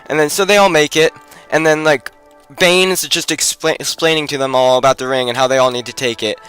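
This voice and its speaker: A man's voice: fairly high pitch, steady tone, fairly quick, a bit bright, clean tone, soft background music. A man giving rambling game commentary, retelling a story packed with "like" and breaking off to talk about his own play. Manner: rambling, filler-heavy retelling with "like". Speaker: gameplay commentator.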